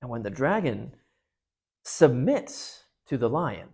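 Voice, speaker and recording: Male speaker, husky tone, mid pitch, loose conversational lecture with restarts. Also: very animated, takes it slowly, a little mellow. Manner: conversational, with frequent restarts and fillers. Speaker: parish speaker on literature. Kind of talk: casual talk retelling and analyzing a book.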